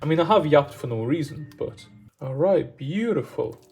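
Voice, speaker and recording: A man's voice: on the high side, animated, moderate pace, creaky, darkish tone, slightly rough, soft background music. A man chatting casually and enthusiastically as he cooks, wandering off on tangents. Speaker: cooking vlogger. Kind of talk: casual cooking chat.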